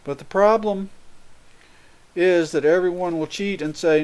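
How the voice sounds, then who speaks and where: A man preaches a sermon in an earnest, explaining way. His voice is smooth and clear, pitched a little high for a man. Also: unhurried, a little mellow. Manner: earnest, explains with everyday examples and acted quotes. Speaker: spiritual speaker.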